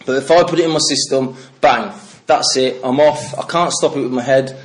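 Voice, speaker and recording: A man's voice: mid-range voice, normal speed. A middle-aged man from the English Midlands giving a candid personal recovery talk to a meeting, swearing freely and telling stories with laughter. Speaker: recovery speaker.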